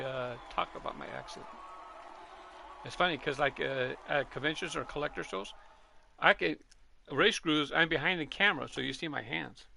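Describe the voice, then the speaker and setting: A man's voice: a little high, vocal fry, noisy background. A middle-aged man from Southern California, chatting casually and rambling as he comments on his own gameplay. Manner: chatty, rambling, self-correcting. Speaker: gaming channel host.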